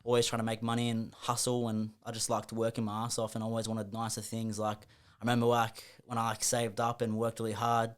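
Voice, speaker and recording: Australian man, late 20s, casual guest, animated sweary storyteller. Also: on the low side, brisk, clear, resonant tone. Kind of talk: casual podcast interview.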